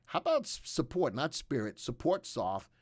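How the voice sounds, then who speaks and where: A man's voice: medium pitch, huge pitch swings, normal speed, darkish tone, dry recording. A man hosting a live stock market show, talking casually and rambling with fillers and asides. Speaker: livestream host.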